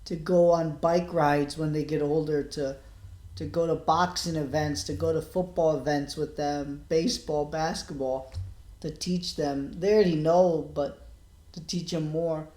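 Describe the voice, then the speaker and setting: Halting, subdued man in an echoey room. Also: a little high, steady tone, darkish tone. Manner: halting and subdued, with many pauses and restarts. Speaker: vlogger. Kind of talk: personal video diary.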